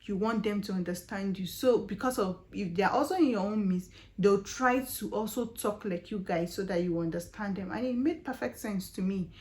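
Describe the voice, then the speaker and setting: A young woman with a Nigerian accent tells a personal story straight to her viewers. She talks in a chatty, animated way, scattering fillers and rhetorical questions as she goes. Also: medium pitch, moderate pace, hardly any pauses. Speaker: vlogger. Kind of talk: casual storytelling vlog.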